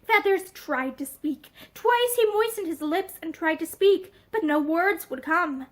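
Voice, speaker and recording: A woman reads a novel aloud in a steady, expressive voice, indoors in a room with bookshelves. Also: very high-pitched, a little slow. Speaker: narrator.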